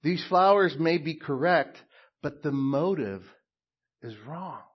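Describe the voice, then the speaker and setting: A middle-aged pastor preaches in an unhurried, deliberate way, his voice a little husky. He leans hard on key words and then drops almost to a hush. The sound is dull and muffled. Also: fairly high pitch, expressive. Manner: slow, emphatic preaching with soft, hushed stretches. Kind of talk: sermon.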